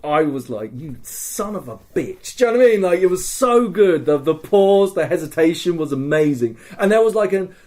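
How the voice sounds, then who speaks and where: Guy on a podcast, excitable, lots of swearing, acts out what people said. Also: on the high side, normal speed, hardly any pauses. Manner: swears a lot, animated retelling with quoted voices. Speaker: podcast co-host. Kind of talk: casual storytelling chat.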